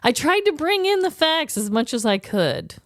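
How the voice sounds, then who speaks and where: A woman co-hosting a podcast in casual chat, animated and laughing often as she acts out quotes. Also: sits high, moderate pace, no room sound, clean studio sound. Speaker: podcast co-host.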